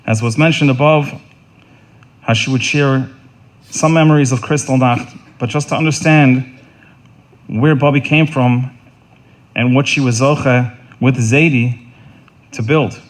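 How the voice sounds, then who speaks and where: A middle-aged man delivering a funeral eulogy in an earnest, halting way, often repeating words and restarting. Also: mid-range voice, steady tone. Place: funeral service.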